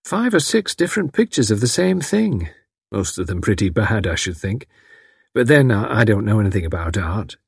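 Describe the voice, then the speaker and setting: A man's voice: fairly low pitch, big pitch swings, normal speed, gravelly, breathy edge, dry recording, studio quality, exaggerated voice. A man reading aloud, voicing a friendly, rambling housewife who lives in a lonely country house. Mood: chatty. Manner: rambling, homely talk. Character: friendly, chatty country housewife, a little odd.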